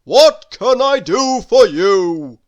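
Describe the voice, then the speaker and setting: A woman's voice: lively intonation, highs cut off. A woman doing a bellowing shopkeeper. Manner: shouting, drawn-out and booming. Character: loud bellowing shopkeeper man.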